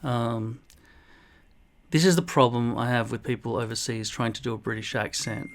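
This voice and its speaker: A man's voice: mid-range voice, normal speed. A man, casually reading and answering viewer comments in a blunt, mock-boastful way, swearing often. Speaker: vlogger replying to comments. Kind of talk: casual comment-reply monologue.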